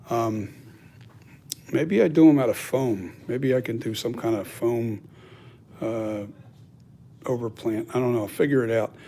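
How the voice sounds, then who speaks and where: A man in an unscripted workshop vlog, sharing plans with his viewers in a loose, meandering way. His voice sits at an ordinary middle pitch, and he fills his pauses with uhs and ums as he works out his thoughts. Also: a little mellow. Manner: rambling, thinks aloud with many fillers. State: has the hiccups. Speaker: costume and mask maker.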